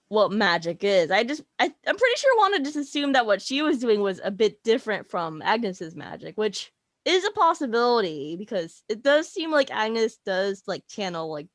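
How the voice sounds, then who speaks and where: A woman's voice: mid-range voice, no echo, studio quality. A woman co-hosting a casual review chat, thinking aloud and musing over open questions. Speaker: co-host.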